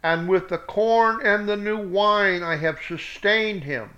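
A man's voice: sits high, takes it slowly, sharp tone, full character voice. A man reading the lines of a bewildered old father, in a startled, questioning voice. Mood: grave. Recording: dull lo-fi recording.

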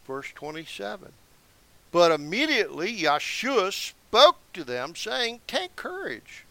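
A man's voice: high-pitched, big pitch swings, creaky, a bit bright, dry recording. A man reading scripture verse by verse, breaking in with casual explanatory asides. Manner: slow, deliberate reading broken by casual asides. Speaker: Bible teacher. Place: seated indoors.

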